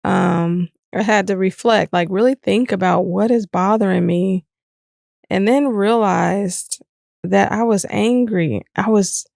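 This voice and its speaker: Her mid-range voice has vocal fry and moves slowly, captured dry and clean in a studio. The woman co-hosts a podcast, chatting candidly and reflectively, and gets animated while retelling events.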